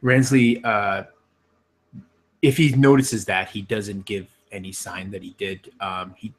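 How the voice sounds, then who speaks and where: A man narrating as game master of a tabletop game, talking with many pauses and fillers. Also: on the low side, steady tone.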